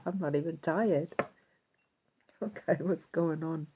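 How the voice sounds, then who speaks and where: A woman with a slightly husky, breathy voice that sits on the low side gives a casual spiritual reading to camera. She chats loosely and thinks aloud as she works. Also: slow, dark tone. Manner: chatty, thinking aloud, yawning and laughing. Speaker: intuitive channeler and reader.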